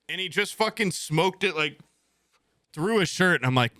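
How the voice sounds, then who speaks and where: Exasperated young man streamer, bright and crisp. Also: animated, moderate pace, no echo, studio quality. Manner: profane, exasperated, mimics others in a high voice. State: low energy from illness. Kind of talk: casual storytelling.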